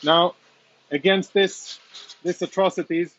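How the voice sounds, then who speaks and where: A man speaking as a military spokesman, reporting live and earnestly from inside a damaged apartment, audibly emotional with halting restarts. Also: high-pitched, steady tone, fairly bright tone, dull audio. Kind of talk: live walk-through report.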